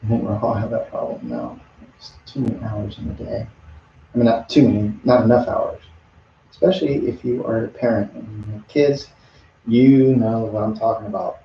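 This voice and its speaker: A man's voice: on the low side, expressive, moderate pace, vocal fry, slight background noise. A middle-aged man chatting casually to viewers while painting on a live stream, rambling from thought to thought. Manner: rambling, chatty, talks to viewers between brushstrokes. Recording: dull lo-fi audio in an echoey room.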